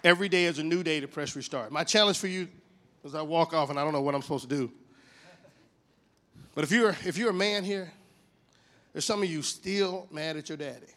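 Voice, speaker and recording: A man of fifty preaching a sermon, telling stories with big swings in pitch and loudness. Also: fairly quick, long pauses. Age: 50s. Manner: animated storytelling with wide swings in pitch and volume.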